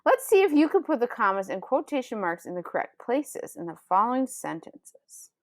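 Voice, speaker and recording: A woman teacher giving a recorded remote writing lesson, patiently explaining step by step and reading example sentences aloud with pronounced pauses. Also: fairly high pitch, very animated, no echo, clean studio sound. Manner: patient, explains step by step, calls students scholars and friends.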